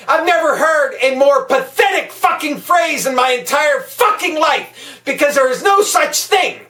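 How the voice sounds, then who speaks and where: A woman delivering an angry political rant, swearing constantly and shouting as she talks. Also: high-pitched, animated, unhurried, recorded from a distance. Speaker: political vlogger. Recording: echoey room, voice a bit off-mic.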